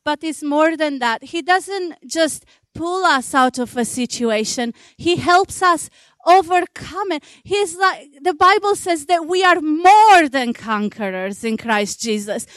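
A woman's voice: high voice, animated, slow, a bit bright, dry recording. A woman in her thirties preaching a sermon in a conversational way, with fillers and small laughs.

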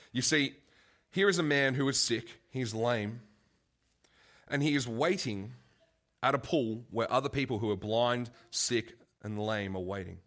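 A man's voice: lowish voice, a bit bright. A man preaching a casual, conversational sermon, full of asides and restarts.

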